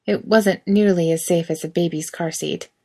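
A woman reading a story aloud in steady, quiet narration. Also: fairly low pitch, moderate pace, creaky, breathy edge. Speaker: reader.

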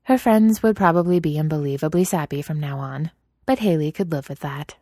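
A woman narrating a story in a steady, even reading voice. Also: low voice, fairly quick, no echo, studio quality.

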